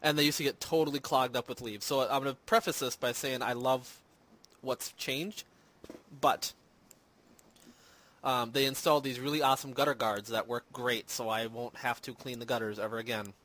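A man's voice: medium pitch, steady tone, moderate pace, a bit bright. A man hosting a casual movie and games podcast, rambling and self-deprecating with lots of fillers. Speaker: podcast host. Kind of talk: casual chat. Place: home in Minnesota.

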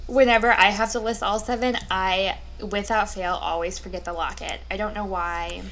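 A woman running a casual trivia quiz among friends. She reads each question slowly and deliberately, with a faint background hum behind her. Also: mid-range voice, steady tone, a bit bright. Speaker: quiz host. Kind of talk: casual chat.

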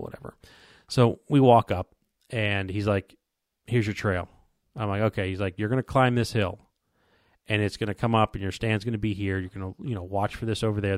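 A man with a fairly low voice tells a long, rambling story in casual chat. He trips over repeated words and slips into quoting the people he met. The sound is dry and close, with no room in it. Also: no echo. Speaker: podcast co-host telling a hunting story.

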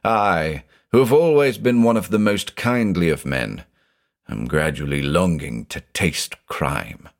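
A man's voice: sits low, lively intonation, measured pace. A man reading a haunted older judge who talks in an intense, growling, confessional way. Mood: anguished. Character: haunted, obsessive older male judge, brooding.

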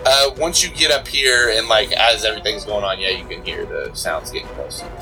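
Low-voiced man running a tabletop game. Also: a little fast, vocal fry, soft background music, rough recording. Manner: relaxed, chuckling, many fillers. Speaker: game master.

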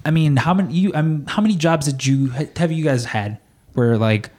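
A man's voice: on the high side, normal speed, darkish tone. A man chatting casually on a podcast, telling a rambling workplace story full of "like" fillers. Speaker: store employee.

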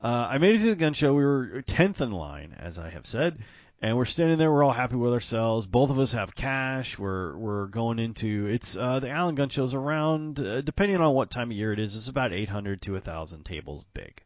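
A man's voice: medium pitch, big pitch swings, fairly quick, dry recording. A man telling a long, rambling story in casual chat, laughing often and jumping around as he talks. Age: adult with grown-up parents.

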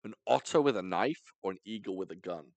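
A podcast host talking casually with friends. He tells stories with lively swings in pitch and the odd curse word. The sound is dry and close to the mic. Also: brisk, gravelly, no echo, muffled recording. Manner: animated storyteller, swears, jumps high in pitch for emphasis. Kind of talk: casual chat.

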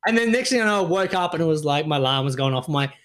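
Talking very fast in a slightly high voice, another podcast co-host swears freely as he launches into animated stories during casual chat.

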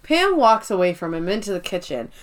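A woman's voice: medium pitch, sing-song, fairly quick. A woman co-hosting a podcast, retelling scenes in casual chat and acting out the characters' lines, swearing freely. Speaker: podcast co-host.

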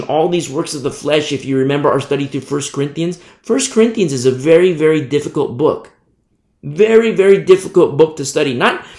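A man preaching a verse-by-verse sermon as pastor, emphatic and repeating his key phrases. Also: mid-range voice. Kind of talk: expository sermon. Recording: roomy echo.

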